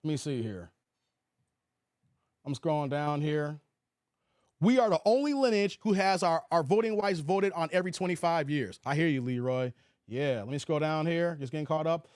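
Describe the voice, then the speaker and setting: A man's voice: on the high side, animated, moderate pace, a little mellow, dry recording, studio quality. A man hosting a casual livestream, chatting loosely and reading viewer comments aloud. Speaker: livestream host.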